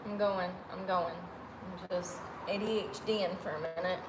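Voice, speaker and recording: A woman's voice: lowish voice, steady tone, normal speed, roomy sound, background noise. A woman rambling to herself on a livestream, muttering self-mocking remarks as she goes. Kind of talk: rambling live vlog.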